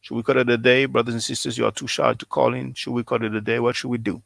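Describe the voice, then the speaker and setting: A man hosting a live call-in stream, chatting casually with his audience and callers in a relaxed, drawn-out way. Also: medium pitch, vocal fry, no room sound. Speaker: livestream host taking callers.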